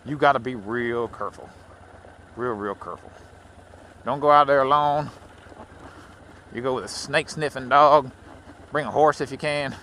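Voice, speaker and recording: A man's voice: medium pitch, normal speed, long pauses, sharp tone, slight background noise. A man from Louisiana with a Southern accent, rambling casually while riding a motorcycle. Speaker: motovlogger.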